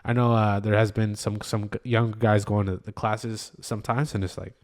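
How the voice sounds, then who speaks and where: A man's voice: lowish voice, flat delivery, moderate pace. A man co-hosting a podcast in casual chat, rambling and laid-back, with many fillers. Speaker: podcast co-host.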